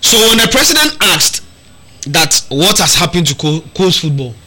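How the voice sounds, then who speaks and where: A man's voice: on the high side, big pitch swings, normal speed, bright, forceful tone, breathy edge, low-quality recording. A man, co-hosting a sports talk show and arguing his points emphatically, often repeating words. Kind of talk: animated radio sports debate.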